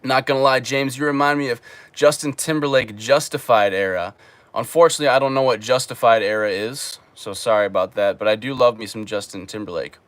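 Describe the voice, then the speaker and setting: A man's voice: mid-range voice, fairly quick, no room sound. A young man hosting a casual livestream, reading viewer questions and joking as he answers. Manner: relaxed and joking, reads viewer questions aloud. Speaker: livestream host reading chat. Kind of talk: casual live-stream chat. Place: home streaming room in Japan.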